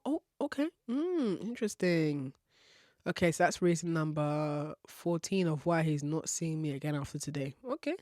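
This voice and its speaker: A woman's voice: on the low side, dry recording, clean studio sound. A woman hosting a podcast, giving frank relationship advice in a candid style, swearing casually and laughing often. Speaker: podcast host.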